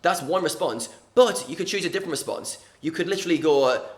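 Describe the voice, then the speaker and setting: A man's voice: on the high side, fast. Earnest man coaching in an echoey room. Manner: earnest, repeats key words, acts out examples. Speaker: poker mindset coach. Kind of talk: explaining a concept to viewers.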